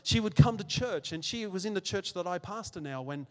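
A middle-aged pastor preaches with a notably high voice, stressing and repeating his key phrases. He slips in self-deprecating jokes between earnest points. His voice carries a long reverb from a church hall. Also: lively intonation, fairly quick. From Australia. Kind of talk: sermon. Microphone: handheld microphone.

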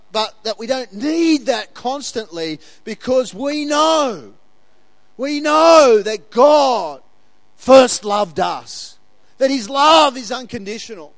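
A male pastor delivers a sermon in a very high voice, talking casually and animatedly and laughing often. He acts out the quoted lines as he goes. The sound is dry and close. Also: fairly bright tone, dry recording.

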